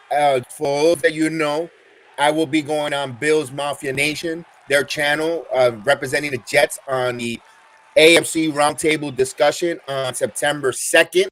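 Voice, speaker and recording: A middle-aged man with a Bronx New York accent, hosting a live football watch-along stream as an excitable, chatty fan. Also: fairly high pitch, moderate pace. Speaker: podcast host.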